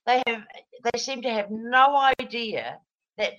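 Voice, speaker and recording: A woman's voice: on the high side, animated, measured pace, a bit bright, dull audio. A middle-aged woman, chatting in a rambling, digressive way with frequent laughs. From New Zealand. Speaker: guest, former radio presenter. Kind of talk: casual chat.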